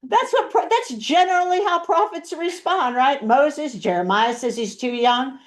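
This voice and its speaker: A woman pastor teaching an adult Bible class, chatty and lively, reading scripture aloud with emphasis. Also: high voice, a little slow. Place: church classroom. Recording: roomy, from far off the mic.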